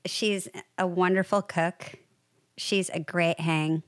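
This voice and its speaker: A woman in casual chat, telling stories in an animated, rambling way. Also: lowish voice, slow pace, no echo, clean studio sound.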